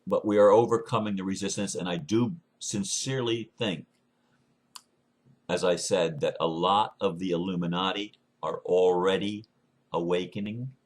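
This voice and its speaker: A man with a very low voice holds forth in an earnest, unscripted monologue. He often stumbles and restarts his phrases as he talks. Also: fairly even intonation. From United States. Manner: earnest, halting, with frequent restarts. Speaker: speaker sharing beliefs.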